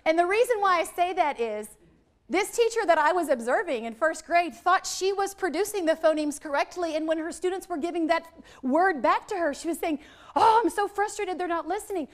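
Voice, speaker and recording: Running a teachers' literacy workshop, this high-voiced, middle-aged trainer talks fairly quickly. She's lively as she demonstrates letter sounds for everyone present.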